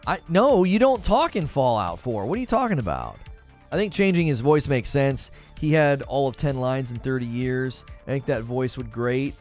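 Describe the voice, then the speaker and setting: Male gaming livestream host, casual and opinionated, lively pitch, faint music bed. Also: normal speed. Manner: animated, opinionated, thinks aloud; briefly mimics cartoon voices in a high falsetto. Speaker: gaming news host reading live chat.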